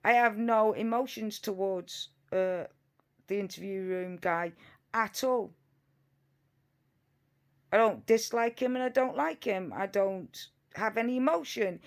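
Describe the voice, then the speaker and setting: A woman's voice: mid-range voice, a little slow, long pauses. A woman giving reaction commentary on video clips, emphatic and indignant, repeating her points, sometimes sarcastic.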